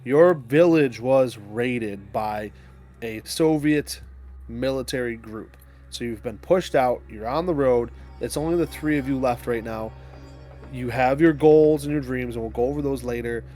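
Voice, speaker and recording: A relaxed man running a tabletop game and talking the players through the setting. He speaks conversationally, filling gaps with small fillers, at a middling pitch. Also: unhurried, soft background music. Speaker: game master. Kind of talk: explaining rules and setting.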